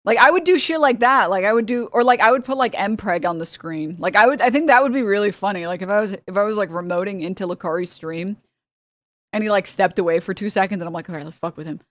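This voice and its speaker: A woman's voice: medium pitch, fast, a bit bright, dry recording, studio quality. A woman streamer giving casual, rambling, profane reaction commentary. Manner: rambling, profane, laughing often.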